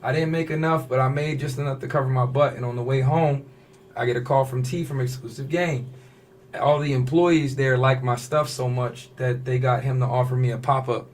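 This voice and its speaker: A man's voice: mid-range voice, brisk, a little hiss or hum. A man, a fashion designer on a podcast, telling a personal story in casual slang and often acting out what others said. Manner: animated storyteller, slips into quoted voices, casual slang.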